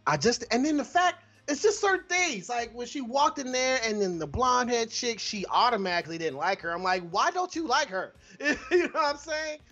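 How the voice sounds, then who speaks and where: High, lively man who laughs a lot. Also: normal speed, hardly any pauses, faint music behind. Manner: laughs often, playful. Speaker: podcast co-host, film reviewer. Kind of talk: casual chat. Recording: dull lo-fi audio.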